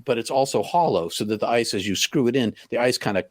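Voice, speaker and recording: A middle-aged man recounts a personal story in a halting way, full of stops and restarts. His voice sits at a medium pitch. It is recorded dry, with little room sound. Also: no echo. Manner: halting, full of restarts, acts out quoted lines loudly. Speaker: podcast guest.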